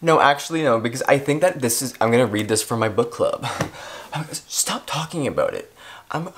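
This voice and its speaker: A man's voice: mid-range voice, sing-song, normal speed, a bit bright. A man vlogging in a rambling, self-deprecating casual chat, cursing freely as he goes. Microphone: clip-on or desk mic.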